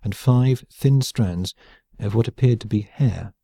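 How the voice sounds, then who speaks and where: A man reading an audiobook in a measured, even storytelling voice on a close mic. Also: fairly low pitch, vocal fry, slightly rough, dry recording. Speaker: audiobook narrator. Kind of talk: scripted narration.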